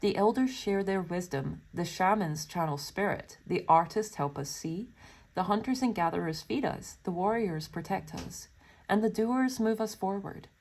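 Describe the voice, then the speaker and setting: A woman's voice: medium pitch, moderate pace, darkish tone. A woman doing a pick-a-card tarot reading, reading card texts aloud and breaking off into chatty, giggly asides to her viewers. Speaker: tarot reader.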